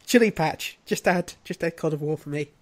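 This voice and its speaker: A man's voice: on the high side, brisk. A man, a podcast regular, asking wry questions in casual chat.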